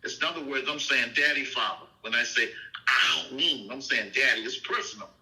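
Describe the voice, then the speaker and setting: A man's voice: medium pitch, normal speed, bright, forceful tone, low-quality recording. A man teaching scripture in an informal, emphatic way, often checking in with "okay?" and "you see?".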